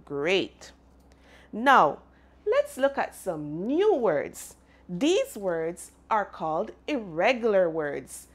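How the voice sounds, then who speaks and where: A woman teaches phonics to young children, speaking very slowly and spelling out each sound. Her pitch swoops up and down in a bright sing-song way as she invites the class to repeat after her. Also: big pitch swings.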